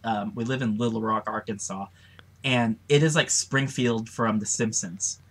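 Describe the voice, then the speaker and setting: A man's voice: on the low side, steady tone, normal speed. A man, hosting a casual chat, laughing often through rambling anecdotes.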